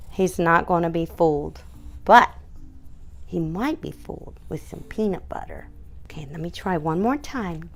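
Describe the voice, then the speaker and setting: Middle-aged woman groomer, low and gravelly, gentle coaxing patter aimed at an anxious dog. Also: a little hiss or hum. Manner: soothing, coaxing, talks to the dog in a high sing-song. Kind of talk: casual how-to video.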